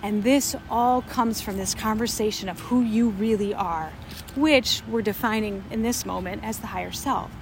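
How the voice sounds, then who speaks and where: A woman's voice: mid-range voice, normal speed, background noise. A woman co-hosting a spiritual discussion, talking earnestly and emphatically and repeating phrases for effect. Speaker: co-host.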